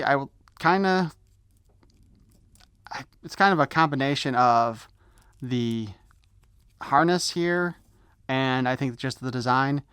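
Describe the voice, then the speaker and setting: Man, toy unboxing review, smooth clear voice, dry close sound, rambling and easily sidetracked. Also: mid-range voice, a bit bright, no echo.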